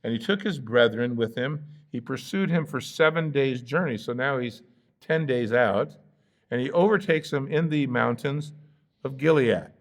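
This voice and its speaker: An American pastor teaches a Bible study in a relaxed, conversational way. His voice sits in a middle pitch with a gravelly edge, and he breaks up the reading with playful asides where he acts out the characters. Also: moderate pace. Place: church sanctuary.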